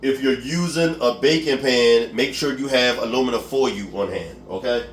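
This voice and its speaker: A man with a Philadelphia accent walks viewers through a recipe in an easygoing way. His pitch sits in the middle for a man. He chats loosely, pokes fun at his own speech and keeps asking "okay?" as he goes. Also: moderate pace, slight background noise. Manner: chatty, laughs at himself, keeps asking "okay?". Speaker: cooking show host. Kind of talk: casual cooking tutorial.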